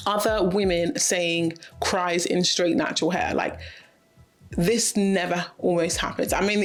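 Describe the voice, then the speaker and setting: A woman hair-care vlogger chatting casually as she reacts to and reads out online comments. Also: lowish voice.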